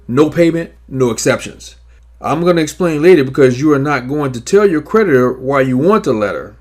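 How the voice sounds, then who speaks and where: A man narrating scripted instructions on negotiating debts, in a measured, emphatic coaching manner. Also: a little high. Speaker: credit repair advisor.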